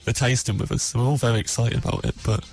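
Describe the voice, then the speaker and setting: A man's voice: mid-range voice, fairly even intonation, fast talker, darkish tone, faint music behind. A man on a radio show, telling a rambling comic story, laughing often and acting out bits of dialogue. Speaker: comedian guest telling anecdotes. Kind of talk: casual radio banter.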